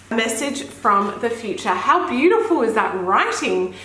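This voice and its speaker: Talking at normal speed with hardly a pause, this young mother's mid-range, sharp-toned voice is animated as she chats excitedly through a makeup unboxing vlog, gasping often and exclaiming effusively. There's a little hiss or hum, plus room echo and faint ambience.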